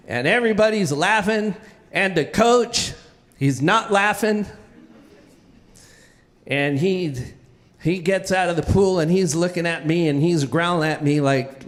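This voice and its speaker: High-voiced man telling a story on stage. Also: measured pace, in a large hall. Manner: animated, repeats words when restarting. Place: stage at a live venue.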